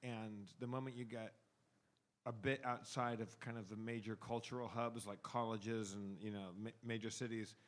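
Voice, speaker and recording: A man, a touring comedian, chatting on a podcast with many halting restarts and emphatic bursts. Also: fairly low pitch, flat delivery. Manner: halting, repetitive starts, emphatic. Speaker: comedian guest. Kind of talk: casual podcast chat.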